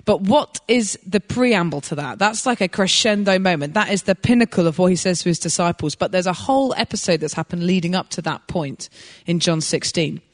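A woman preaching a sermon, telling a personal story in an animated way and laughing as she goes. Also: fairly low pitch, brisk, few pauses, big-room sound.

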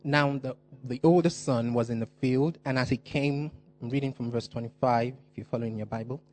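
A man preaching a sermon, stressing and repeating key phrases, slowing down on important words. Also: mid-range voice, darkish tone, faint music behind.

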